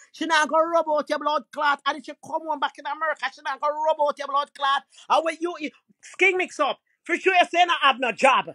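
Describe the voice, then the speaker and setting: A woman with a Jamaican accent delivering a loud, aggressive, profane diss rant full of mocking insults. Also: high voice, no echo. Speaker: social media personality. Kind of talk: angry diss rant to camera.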